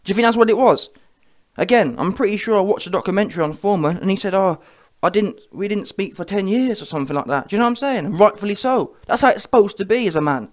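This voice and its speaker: Racing along in an animated voice that sits high, a man mocks boxers in heated reaction commentary on his vlog. He constantly turns to viewers with "yeah?" as he rants.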